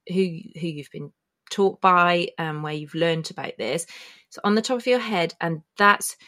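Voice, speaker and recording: A woman hosts her own podcast and talks slowly in a fairly low voice. Her delivery is chatty and meandering, full of small restarts and self-corrections as she explains things. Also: a bit bright. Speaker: podcast host. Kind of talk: casual spoken explainer. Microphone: filmed while talking, pointing to body.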